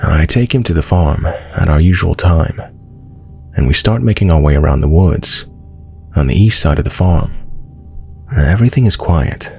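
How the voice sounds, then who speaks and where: Man, very low voice, gravelly texture, measured scripted horror narration, faint music underneath. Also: dark tone. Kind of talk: scripted first-person narration.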